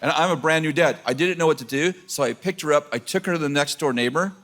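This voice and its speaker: A man's voice: a little high, fast talker, a bit bright. A middle-aged man making wry, joking asides during a church message. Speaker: pastor, husband chiming in. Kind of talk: joking sermon banter. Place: church stage.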